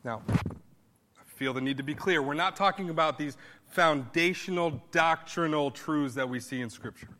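A man's voice: fairly high pitch, normal speed, pushed and bright, big-room sound, slight background noise. A man pastor preaching a sermon in a conversational style, rising now and then to emphatic bursts.

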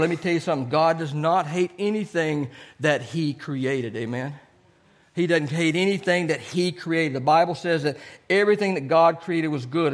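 A man preaching a sermon to his congregation, earnest and repetitive, often asking "Amen?". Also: fairly high pitch. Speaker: pastor.

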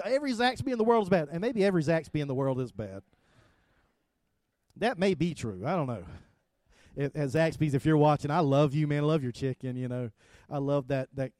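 A middle-aged man preaching in a relaxed, conversational way: a pastor's sermon that stumbles over its own starts and rises and falls in loudness. His voice sits a little high for a man. The sound is dry and close, with no room around it. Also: no room sound.

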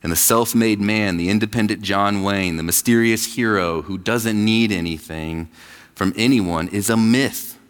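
A man's voice: on the low side, unhurried, long reverb tail. A man in his thirties, pastor of a church, preaching a conversational sermon and acting out quoted voices. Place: church sanctuary.

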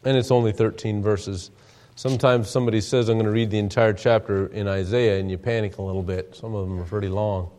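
A man's voice: fairly low pitch, steady tone, a little fast, a little mellow. A male preacher giving an evening sermon in a church, reading scripture aloud and explaining it earnestly. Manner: earnest, reads King James scripture then explains it.

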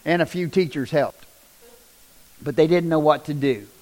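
A middle-aged man, telling a personal testimony in a folksy, animated storytelling way. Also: a little high, normal speed, low-quality recording. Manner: animated, down-home storyteller with rising bursts of emphasis. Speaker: speaker sharing a personal testimony.

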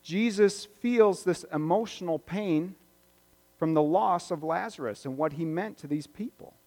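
A man preaching a sermon as pastor, conversational and reflective, moving between louder stretches and hushed ones. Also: a little high, a little slow. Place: church sanctuary. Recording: long reverb of a church hall.

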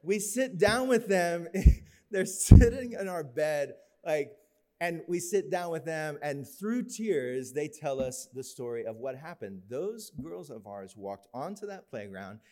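A man's voice: on the high side, expressive, unhurried, warm tone. A middle-aged man telling a story in a sermon, acting out the voices in his story. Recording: long hall reverb.

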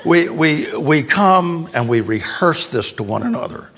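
A man's voice: on the high side, animated, unhurried, a bit bright. A man preaching a sermon to a congregation in a church, in a conversational style with asides and tag questions. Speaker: pastor. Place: church sanctuary before an audience.

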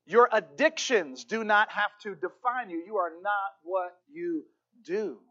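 A man preaching a sermon as pastor, fervent, repeating key phrases and slowing down to stress them. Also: sits high, sharp tone, dull audio.

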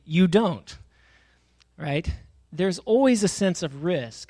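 A man's voice: fairly high pitch, a little mellow. A young adult man preaching a sermon in a casual, conversational way, often using fillers and reading scripture passages aloud. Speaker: pastor.

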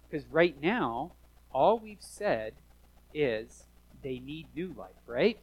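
A man preaching a sermon as pastor, animated, swinging from hushed asides to loud emphatic lines, in a church. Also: a little high, slow, slightly rough, highs cut off.

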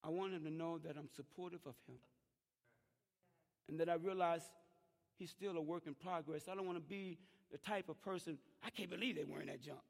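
A man's voice: a little high, steady tone, normal speed, long pauses. A middle-aged man preaching a fervent sermon in church, calling out to the congregation. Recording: long church reverb.

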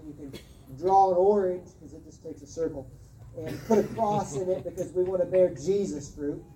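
A woman pastor giving a sermon, earnest and emphatic, often repeating words and pausing. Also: lowish voice, warm tone, far from the mic, slight background noise. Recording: roomy sound from off-mic.

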